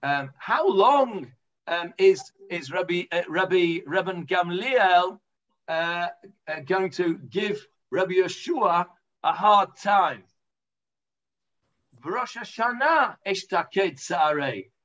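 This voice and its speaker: A man's voice: sits high, takes it slowly, fairly bright tone, dull audio. A man with an English accent teaching an informal Talmud class, chatty and full of hesitations. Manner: chatty explaining, lots of hesitations.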